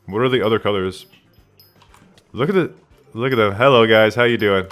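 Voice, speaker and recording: A man's voice: fairly low pitch, moderate pace, a bit bright. A man streaming a game live from his room at home, rambling casually and answering chat questions aloud.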